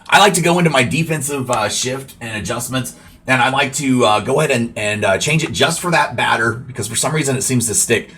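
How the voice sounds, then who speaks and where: Husky man giving casual game commentary. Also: mid-range voice, fairly bright tone. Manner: casual, rambling play-by-play with frequent fillers. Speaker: gaming YouTuber. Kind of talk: gameplay commentary.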